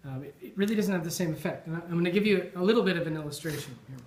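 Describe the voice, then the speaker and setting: A man's voice: high voice, expressive, racing, a little mellow. A man giving an informal after-dinner toast, thoughtful and full of ums and restarts. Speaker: toast speaker at a Burns supper. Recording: echoey dining hall.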